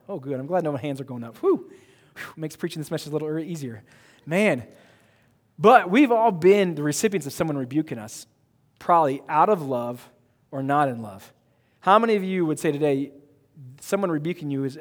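Animated male pastor preaching in a hall. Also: fairly high pitch. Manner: animated, emphatic, joking with the congregation. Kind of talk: sermon. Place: church sanctuary.

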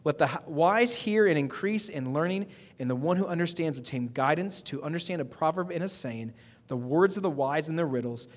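A man's voice: on the high side, lively intonation. A man preaching a sermon, building to emphatic outbursts and repeating phrases as he goes. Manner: preaching with emphatic rising outbursts and quick repetitions. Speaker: pastor. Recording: long reverb of a hall.

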